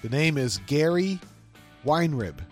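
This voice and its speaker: A man co-hosting a podcast in casual banter, joking and laughing easily. His voice sits a little high and moves around a lot in pitch. He sounds playful and chatty. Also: big pitch swings, measured pace, darkish tone, soft background music. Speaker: podcast co-host.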